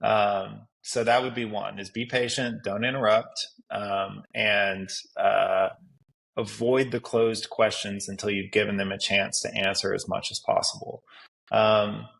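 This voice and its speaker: Gravelly low-voiced male detective. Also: level tone, unhurried, fairly bright tone, low-quality recording. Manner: instructive, lays out numbered advice. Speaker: police detective, guest. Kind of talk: podcast conversation.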